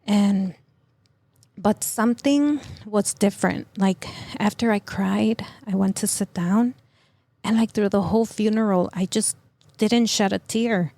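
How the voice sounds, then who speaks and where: A middle-aged woman telling of a personal loss as a podcast guest, in a halting, emotional way full of fillers and restarts. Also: mid-range voice, vocal fry, warm tone, dry recording. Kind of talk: personal testimony in an interview.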